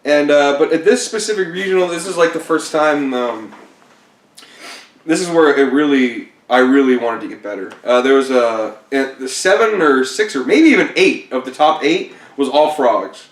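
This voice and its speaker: A man's voice: on the high side, animated, moderate pace. A man casually telling stories about his card game tournaments, laid-back and self-deprecating, laughing often. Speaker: competitive card game player. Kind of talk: casual storytelling interview. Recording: roomy echo, mic at a distance.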